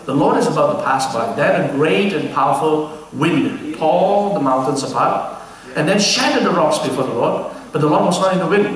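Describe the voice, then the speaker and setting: A man's voice: fairly high pitch, lively intonation, normal speed. A man preaching a sermon as pastor at a retreat, switching between English and Indonesian and joking with the congregation. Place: large retreat hall. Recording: echoey hall, mic at a distance.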